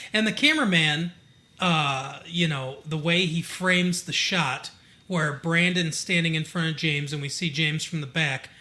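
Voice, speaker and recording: Bright-voiced man in casual chat. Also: on the high side, a little slow. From Michigan. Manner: rambling, many fillers, recounts scenes in character. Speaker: podcast co-host. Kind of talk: casual chat about a TV show.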